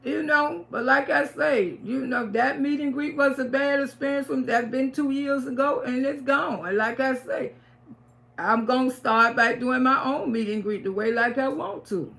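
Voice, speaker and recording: A woman's voice: high-pitched, normal speed, creaky, fairly bright tone. A middle-aged woman hosting a casual live stream, talking bluntly to her viewers with plenty of cursing and repeated phrases.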